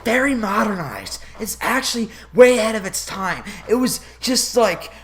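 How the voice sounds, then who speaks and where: A man's voice: sits high, lively intonation, moderate pace, crowd noise. A man reviewing a movie in a profane, exasperated comedic rant while drinking whiskey. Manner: swears constantly, loud and exasperated.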